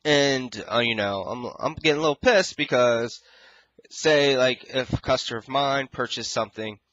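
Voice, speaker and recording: A man's voice: mid-range voice, moderate pace, fairly bright tone, highs cut off. A young man vlogging casually about a customer service hassle, rambling and frustrated, acting out both sides of the calls. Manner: frustrated, rambling, quotes others in exaggerated voices. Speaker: gaming YouTuber. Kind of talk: casual ranting vlog.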